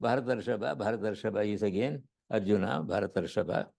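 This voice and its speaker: A man with an Indian accent lectures on scripture as a yoga teacher. His voice is gravelly and mellow. He repeats his words and often checks in with "right?". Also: mid-range voice, fairly quick.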